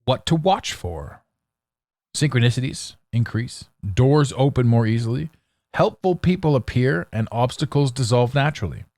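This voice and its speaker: A man hosting a solo podcast, talking in a blunt, sarcastic, animated way with frequent restarts. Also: medium pitch, moderate pace, dry recording, studio quality. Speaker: podcast host.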